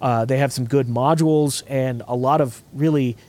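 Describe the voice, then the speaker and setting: A man's voice: mid-range voice, steady tone, normal speed, a little mellow. A man hosting a podcast, chatting casually about a project he is designing, thinking aloud with frequent restarts. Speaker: podcast host. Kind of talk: casual technical chat.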